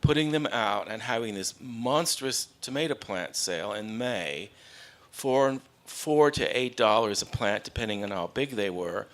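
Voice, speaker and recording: A man on a panel telling a story in a halting, anecdotal way. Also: on the low side, animated, a bit bright.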